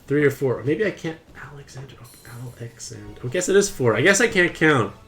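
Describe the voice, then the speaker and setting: A man's voice: a little high, fairly quick, slight background noise. Chatty, playful young man streaming a game. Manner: chatty and playful, excited outbursts. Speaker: gaming streamer. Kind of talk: casual game commentary to live chat.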